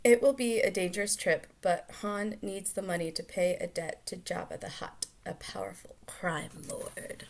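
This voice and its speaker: A woman reading a children's picture book aloud, lively and expressive. She breaks off now and then for chatty, offhand asides and fixes her own stumbles as she goes. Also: medium pitch, normal speed, few pauses, a little hiss or hum. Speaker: storyteller aunt.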